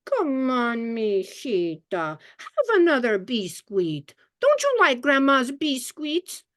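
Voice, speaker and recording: A woman in her seventies voicing a doting older Chilean grandmother with a Chilean Spanish accent, in a high, sing-song coaxing voice. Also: huge pitch swings, slow, a bit bright, heavily acted. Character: doting older Chilean grandmother, warm, fussing over food.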